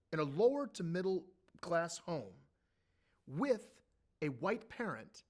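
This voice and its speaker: A middle-aged man telling animated stories as an interview guest, his pitch and loudness jumping suddenly. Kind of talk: storytelling in an interview.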